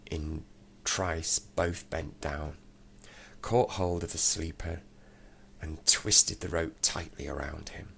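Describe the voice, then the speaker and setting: A man reading a children's storybook aloud, steady and unhurried. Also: rumbling low, gravelly, a little hiss or hum.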